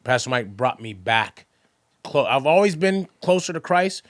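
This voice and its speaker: A man guest on a podcast, telling his story with animated energy, acting out both sides of conversations and repeating phrases for emphasis. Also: mid-range voice, moderate pace, dry recording, clean studio sound. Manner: acts out both sides of conversations in quoted voices. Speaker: podcast guest, percussionist and motivational entertainer.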